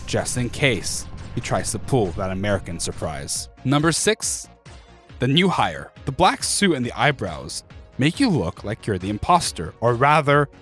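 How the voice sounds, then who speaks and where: A man hosting a gaming channel, doing a comedic voice-over full of jokey asides. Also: fairly bright tone. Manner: goofy, jokey asides and playful pitch leaps.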